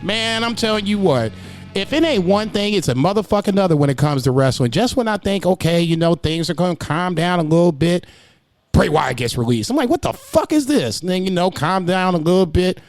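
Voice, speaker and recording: A man's voice: high-pitched, a little fast, no room sound, soft background music. A man co-hosting a casual wrestling podcast, talking in a loose, profane way and slipping into a mock-preacher tone. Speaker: podcast co-host.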